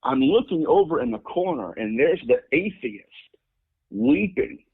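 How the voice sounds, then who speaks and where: A man telling a story as an interview guest, acting out the people in it with sudden jumps in pitch. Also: sing-song, unhurried, creaky, slightly rough. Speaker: guest demonologist. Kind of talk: animated storytelling. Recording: phone-like lo-fi audio.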